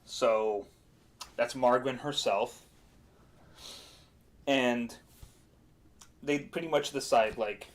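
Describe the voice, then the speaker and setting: A man's voice: medium pitch, drawn-out words, pauses often. A man talking casually on a stream as game master, rambling with many fillers and laughs.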